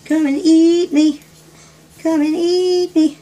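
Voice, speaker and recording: Man doing a plump rat, high and coaxing, sing-song, keen to be eaten. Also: level tone, takes it slowly, mellow. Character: chubby pleading pet-food rat, eager to be eaten.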